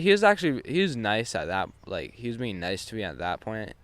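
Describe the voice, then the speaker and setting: Teen boy storyteller, casual and profane, rambling with restarts, clean smooth tone, close dry sound. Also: lowish voice, huge pitch swings, brisk, few pauses, a bit bright, no room sound. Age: teens. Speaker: vlogger.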